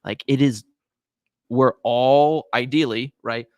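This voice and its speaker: Male co-host, mid pitch, explains with jokes, dry close sound. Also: steady tone, takes it slowly, darkish tone, no echo. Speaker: podcast co-host. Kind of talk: casual chat.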